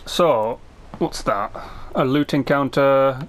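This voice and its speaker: A man's voice: mid-range voice, sing-song, extremely slow. A man hosting a let's play, chatting casually and rambling through his game commentary with self-mocking asides, sometimes reading game text aloud.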